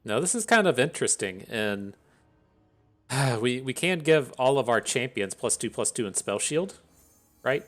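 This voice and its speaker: A man's voice: medium pitch, sing-song, measured pace, fairly bright tone, faint music behind. A man thinking aloud as he commentates his own card game, swearing freely and grumbling between plays. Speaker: gameplay commentator. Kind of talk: casual gameplay commentary.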